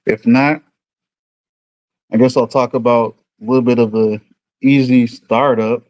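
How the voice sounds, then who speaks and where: A man's voice: medium pitch, fairly even intonation, unhurried, darkish tone, dry recording, highs cut off. Man, new york accent, casual livestream chat, rambling and easygoing, dry close sound. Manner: rambling, easygoing, thinks aloud. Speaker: livestream host.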